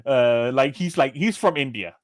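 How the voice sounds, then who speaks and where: A Danish-accented man co-hosting a podcast, talking in a loose, rambling way and swearing offhandedly. His voice sits at an ordinary pitch and sounds close and dry, with no room around it. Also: animated, moderate pace, dry recording. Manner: chatty, rambling, swears casually. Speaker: podcast co-host. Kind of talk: casual chat.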